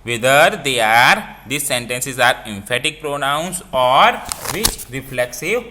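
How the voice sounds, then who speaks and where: A man's voice: mid-range voice, animated, slow pace, noisy background. A man with an Indian English accent teaching a grammar lesson, repeating points and quizzing listeners with "what?".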